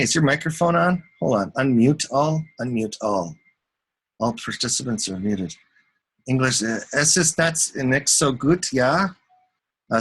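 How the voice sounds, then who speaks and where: A man with a bright, forceful voice talks loosely through market charts in an unscripted live stream. He rambles, chats with viewers and mutters to himself along the way. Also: medium pitch. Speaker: market commentator.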